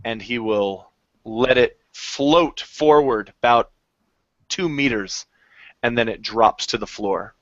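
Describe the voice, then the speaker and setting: Slow, hesitant man describing actions. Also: on the low side, fairly even intonation, no echo. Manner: hesitant, many fillers. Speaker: player. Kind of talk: describing his character's actions. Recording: dry, dull lo-fi audio.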